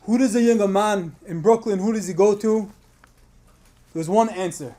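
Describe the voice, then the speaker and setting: High-voiced impassioned rabbi telling a story. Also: male voice, moderate pace. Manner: builds to loud impassioned storytelling, Yiddish and Hebrew terms woven in. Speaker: rabbi giving a Tisha B'Av talk. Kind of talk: storytelling sermon.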